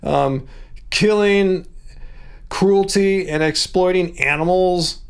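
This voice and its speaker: A man with a fairly high voice chats loosely on a livestream. He rambles from point to point and chuckles often. His asides are animated. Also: slow, clear, resonant tone. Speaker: livestream host. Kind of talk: casual livestream chat.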